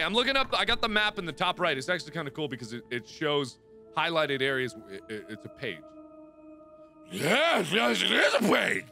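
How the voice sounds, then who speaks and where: A young man in his twenties narrates a horror game in casual, jokey let's play style. His voice is high and very bright, with lively swings in pitch, and he keeps up a steady stream of excitable remarks to himself. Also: gravelly. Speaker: gaming video host.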